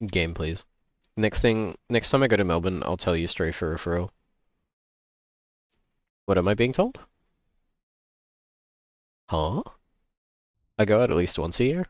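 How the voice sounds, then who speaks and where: A man streaming a game live, chatting playfully and greeting his viewers with excitement. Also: sits low, measured pace, pauses often, no room sound, studio quality. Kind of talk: casual livestream chat while gaming.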